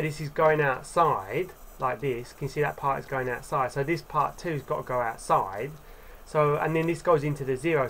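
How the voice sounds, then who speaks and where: A man giving a casual video lesson, explaining things loosely with many fillers and tag questions, and sounding out example words slowly. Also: on the high side, fairly bright tone. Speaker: Korean language teacher.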